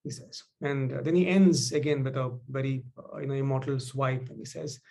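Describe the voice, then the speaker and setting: A man giving a loose, halting talk on leadership, full of "you know" and "uh" fillers, quoting lines from a classic speech. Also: medium pitch, steady tone, gravelly, darkish tone. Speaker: speaker on leadership. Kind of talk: casual explanatory talk.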